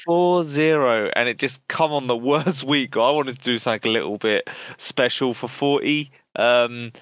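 A man's voice: medium pitch, moderate pace, a bit bright, no echo. A man co-hosting a casual podcast, teasing his partner with silly wordplay and laughter. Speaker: podcast co-host.

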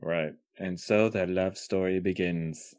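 A man's voice: low voice, steady tone, slow, a little mellow, clean tone. A man co-hosting a podcast, laid-back in casual comic book chat, giving short agreeing replies and dry remarks. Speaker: podcast co-host.

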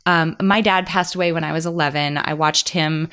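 Woman podcast host, 30s, a bit low-pitched, upbeat and emphatic. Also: fairly even intonation, moderate pace, fairly bright tone, smooth. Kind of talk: casual conversation.

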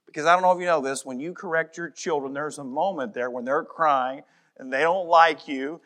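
A middle-aged man preaching a sermon as pastor, emphatic, dropping to a soft voice in prayer. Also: on the high side, a little fast.

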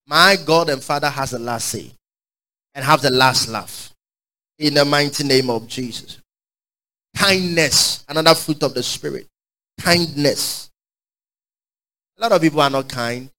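A man preaching a sermon, fervent and call-and-response, swinging from shouts to quiet asides. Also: on the high side, measured pace, pauses often, low-quality recording.

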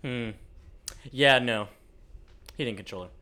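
A man co-hosting a relaxed episode recap, poking fun at his partner's ideas. His voice sits at a middle pitch for a man. He talks casually, with a teasing edge. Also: measured pace. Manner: teasing, mocking his co-host's theories. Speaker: podcast co-host.

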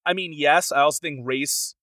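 A man co-hosting a casual podcast, discussing a film with animated enthusiasm and now and then acting out crowds in raised voices. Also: on the high side, normal speed, no echo. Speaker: podcast co-host.

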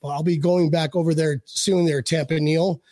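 Brief: male host, high voice, dry close sound, rambling jokey delivery with lots of restarts. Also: fairly even intonation, normal speed, warm tone, dry recording. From Buffalo, USA. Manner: rambling, repeats words, joking. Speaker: podcast host. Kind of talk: casual chat.

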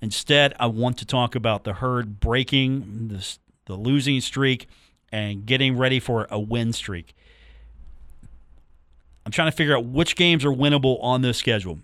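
A man's voice: mid-range voice, moderate pace, a bit bright, no echo. Chatty male sports radio host, dry studio. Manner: chatty, joking, repeats phone numbers and catchphrases. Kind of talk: casual sports talk radio. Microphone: studio microphone.

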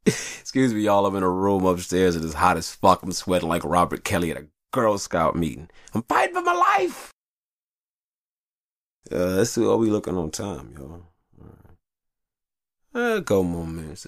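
In a dry, studio-quality recording with no echo, a man with a low voice and some vocal fry hosts a show. He rambles through a profane, confessional monologue from a hot upstairs room, telling his stories with lots of animation.

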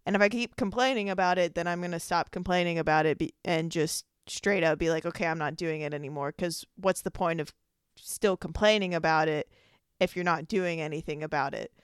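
A woman's voice: on the low side, fairly quick, clear, resonant tone, dry recording, clean studio sound. A young woman hosting her own podcast, talking casually and rambling, with lots of "like" fillers. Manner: chatty, rambling, many fillers like "like". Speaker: podcast host. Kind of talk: casual solo podcast monologue.

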